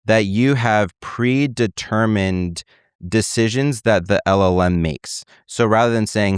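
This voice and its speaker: Man, low voice, smooth and clear, dry close mic, animated casual explainer. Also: normal speed, dry recording. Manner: animated, acts out dialogue in quotes.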